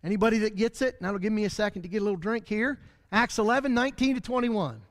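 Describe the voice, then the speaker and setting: A man's voice: high voice, quick pace, long reverb tail. A man teaching a Bible study lesson in a church, talking animatedly and acting out the voices of the people he describes. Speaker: preacher.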